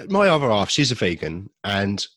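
A man's voice: on the low side, big pitch swings, unhurried, fairly bright tone, no room sound. A young man co-hosting a podcast, rambling and joking at his own expense, laughing often. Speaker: podcast co-host. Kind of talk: casual chat.

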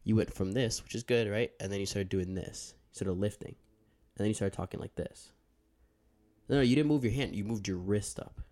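Low-voiced young man explaining mic technique. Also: a little fast, dark tone. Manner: explanatory, rambling, self-interrupting. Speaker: podcast co-host handling audio. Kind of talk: casual chat. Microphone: handheld microphone.

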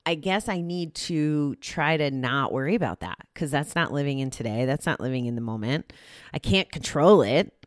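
A woman's voice: sits low, dry recording, studio quality. A young woman reading a daily recovery passage, then thinking aloud in a candid, rambling way with lots of "like" and restarts. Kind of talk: reading aloud then casual reflective talk.

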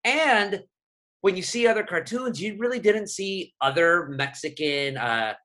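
Animated man from Southern California. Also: sits high, unhurried. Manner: animated, many fillers, quotes his younger self. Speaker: guest columnist. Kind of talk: casual interview talk.

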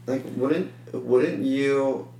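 A man's voice: medium pitch, extremely slow, warm tone, roomy sound. A man co-hosting a casual chat, a comedian who rambles and hesitates with lots of fillers. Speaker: podcast co-host, comedian.

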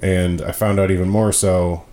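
A man with a very low, deep voice hosts a casual podcast. He rambles through his points with plenty of fillers and pokes fun at himself. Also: level tone, moderate pace, warm tone. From Michigan. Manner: rambling, self-deprecating, frequent fillers. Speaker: podcast host.

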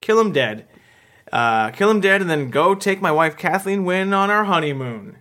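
A man co-hosting a comedy podcast, deadpan and full of hesitant ums. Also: high voice, moderate pace. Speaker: co-host.

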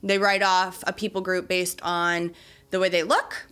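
A young adult woman hosting a solo podcast, talking in a chatty, animated way about faith and everyday life. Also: lowish voice, measured pace, smooth. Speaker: podcast host. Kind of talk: casual solo podcast talk.

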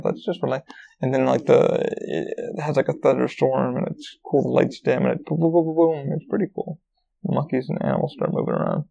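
A man with a very gravelly, dark voice rambles through a casual story, swearing freely and filling gaps with ums and you-knows. His voice sits a little high for a man, and the recording sounds dull and lo-fi. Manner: rambling, profane, full of fillers. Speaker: podcast host.

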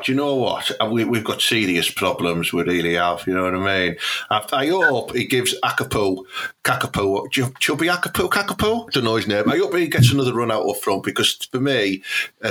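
A man's voice: on the low side, pushed and bright, slightly rough. A man, co-hosting a podcast in crude, rambling casual banter. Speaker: podcast co-host.

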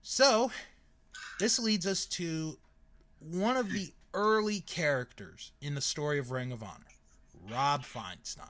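A man's voice: a little high, takes it slowly. A man in his thirties hosting a casual podcast chat, telling stories with lots of fillers. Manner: lively storyteller with frequent fillers and laughs. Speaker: podcast host.

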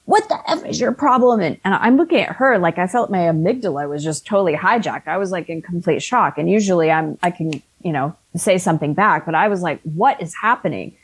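A woman in her fifties speaks in a slightly low voice. She is an author and coach, earnest and conversational, often restarting her sentences mid-thought. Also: animated, fairly quick, few pauses, slightly rough. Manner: earnest, frequent restarts and self-corrections. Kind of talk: conversational storytelling.

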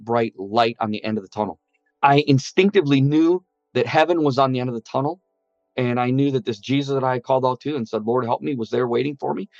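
A medium-pitched man earnestly shares his near-death experience as a personal testimony, acting out other people's words as he goes. The recording is dry but muffled, with soft music playing under it.

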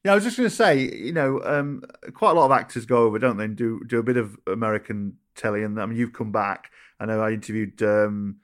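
A man's voice: lowish voice, fast talker, few pauses. A British man interviewing a guest, asking long rambling questions full of tag questions and restarts.

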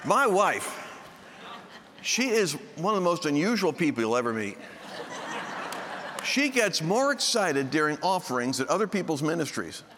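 Bright, high-voiced man preaching. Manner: joking storyteller who acts out quoted voices. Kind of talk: sermon. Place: large meeting hall with a live audience. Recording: long hall reverb, faint background noise.

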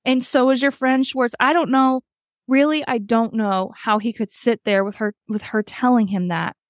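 A woman's voice: fairly high pitch, steady tone, moderate pace, dry recording, studio quality. A woman hosting a podcast, chatting casually through a reality-show recap, swearing freely and acting out quotes. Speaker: podcast host.

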